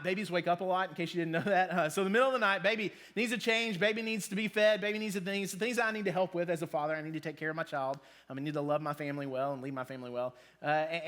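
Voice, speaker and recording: Man in his thirties, casual youth preacher, high voice, chatty and joking. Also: a bit bright. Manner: casual, joking, with many ums. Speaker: youth pastor. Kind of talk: sermon to students.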